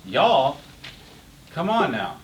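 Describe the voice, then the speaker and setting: A man's voice: a little high, wildly swooping pitch, drawn-out words. A middle-aged man teaching an interactive Bible class, passionate, getting worked up and repeating words. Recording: roomy, distant, faint hiss.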